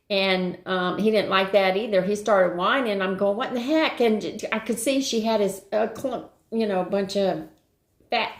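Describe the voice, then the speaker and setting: An older woman hosting a live stream, telling a rambling everyday story in casual chat and greeting viewers along the way. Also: medium pitch. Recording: roomy echo.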